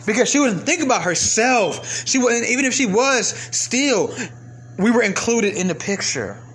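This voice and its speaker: A man delivering a heated, profane commentary rant, swinging between raised outbursts and low, exasperated muttering. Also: big pitch swings, moderate pace, a bit bright, husky. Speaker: commentary vlogger. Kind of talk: ranting commentary monologue.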